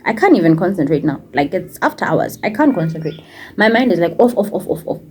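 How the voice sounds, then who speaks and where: Mellow-voiced woman with Setswana-accented English. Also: on the low side, quick pace. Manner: animated retelling, acting out what others said, code-switching into Setswana. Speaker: vlogger and former teacher. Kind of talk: casual storytelling vlog.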